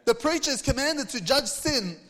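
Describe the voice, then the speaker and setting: High-voiced man preaching in a reverberant hall. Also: lively intonation, moderate pace, a bit bright. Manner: earnest preaching, reads scripture aloud, rhetorical questions. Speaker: pastor. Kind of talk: sermon.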